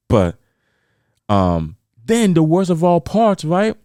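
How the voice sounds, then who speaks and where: A man from New York hosting a podcast, venting about sports in a rambling, animated way with many repeats. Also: a little high, takes it slowly, no echo, studio quality. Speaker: podcast host. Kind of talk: casual solo podcast chat.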